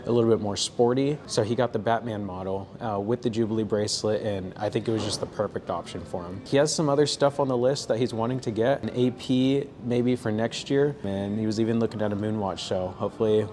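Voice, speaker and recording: A man, a watch salesman, casually talking about a customer's purchase in a relaxed way, with fillers. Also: on the low side, brisk, hardly any pauses, slight background noise.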